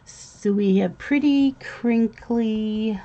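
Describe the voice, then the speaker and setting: A woman's voice: fairly high pitch, very slow, warm tone, muffled recording. A woman hosting a casual live stream, chatting with viewers and calling to her pets.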